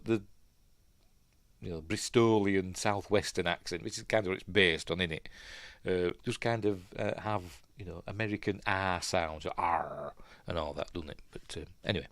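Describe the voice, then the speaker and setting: Talking over a movie as it plays, this Yorkshire-accented channel host and film reviewer from Yorkshire, England gives chatty, meandering commentary full of tangents. He has a deep voice and speaks fairly quickly, in a dry recording.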